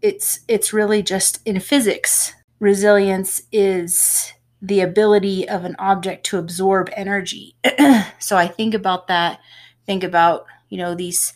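A woman's voice: medium pitch, fairly even intonation, a little slow. A woman, a home health nurse, co-hosting a casual podcast and explaining at length with small laughs.

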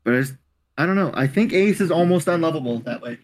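A man speaking as a guest on a casual podcast, blunt and quick to swear. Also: on the high side, lively intonation. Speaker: podcast guest, tabletop player.

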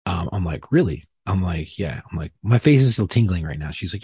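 A man's voice: deep voice, animated, a little fast, mellow, breathy edge, no echo. A man telling a personal story in a casual, rambling, profane way, often poking fun at himself. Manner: profane, rambling, self-deprecating. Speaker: podcast guest.

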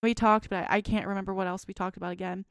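Casting note: twenties woman, podcast co-host, rambling storyteller, resonant clean voice, mid pitch. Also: flat delivery, very fast, clean tone, dry recording, clean studio sound. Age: 20s. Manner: rambling, frequent "like" fillers. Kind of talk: casual chat, reading a dream journal.

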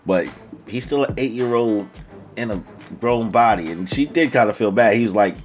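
A man's voice: fairly low pitch, moderate pace. A young man casually reviewing an anime chapter in a slangy, rambling way, often breaking into quoted voices.

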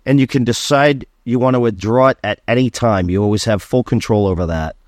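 A man hosting a casual solo podcast, talking in an animated, sarcastic ranting way. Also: mid-range voice, fairly quick, no echo, clean studio sound. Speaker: podcast host.

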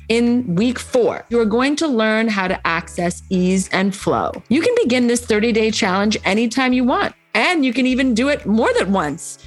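A woman hosting a podcast, speaking in an enthusiastic, motivational way. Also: mid-range voice. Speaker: podcast host. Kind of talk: upbeat podcast promo and interview.

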